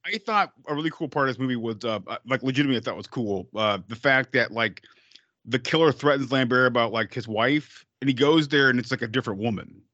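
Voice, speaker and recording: A man co-hosting a podcast, chatting casually about a film, swearing freely and acting out scenes in loud, high voices. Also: fast talker, dry recording, muffled recording. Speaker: podcast co-host. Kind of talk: casual film-review chat.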